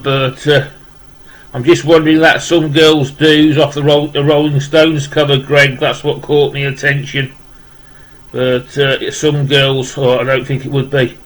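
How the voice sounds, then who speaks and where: A man's voice: on the high side, little pitch movement, measured pace, a bit bright, poor audio. Rambling man. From West Midlands, England. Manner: rambling, repeating "wow" and restarting with many fillers. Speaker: vlogger opening a parcel of rock music gifts. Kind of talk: casual unboxing chat.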